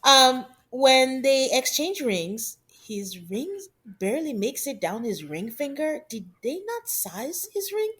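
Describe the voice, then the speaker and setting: A woman's voice: sits high, slow, hardly any pauses. Chatty woman recapping reality TV. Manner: chatty, laughs often, animated asides. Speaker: podcast co-host.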